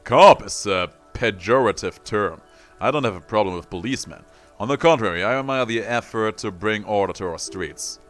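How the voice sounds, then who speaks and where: A man voicing a gruff, indignant old ex-soldier who blusters and lectures in an old-fashioned way. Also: lowish voice, normal speed, faint music behind, lightly acted. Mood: haughty.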